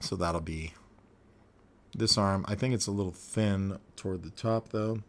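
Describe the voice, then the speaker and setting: A man's voice: low voice, a little slow. A man narrating a casual animation tutorial, thinking aloud as he works, with frequent ums and uhs.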